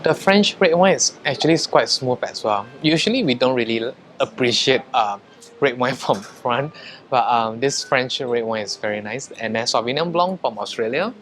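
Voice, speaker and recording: A man talks through a hotel stay on camera, tasting dishes and wines and judging the room as he goes. His voice sits at an ordinary middle pitch, and his casual, chatty delivery is full of hesitations. Faint background noise sits under the recording. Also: animated, normal speed, a bit bright. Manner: chatty, frequent hesitations and fillers. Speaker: vlogger. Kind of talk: casual food and hotel review.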